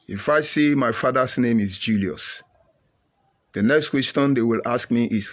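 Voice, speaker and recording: A man's voice: medium pitch, unhurried. A middle-aged Nigerian man speaking with an emphatic, preachy drive. He hammers his points home and often repeats them. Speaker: commentator. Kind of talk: impassioned monologue.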